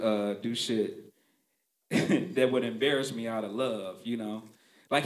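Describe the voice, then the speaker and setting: A man's voice: mid-range voice, echoey room. A male stand-up comedian telling stories in a conversational, punchy, profane way. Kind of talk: stand-up storytelling.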